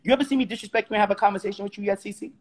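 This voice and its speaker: A fast-talking man from Brooklyn, New York, with a husky, high-sitting voice hosts a heated live-stream rant over a phone or webcam. He's combative and keeps repeating rhetorical questions.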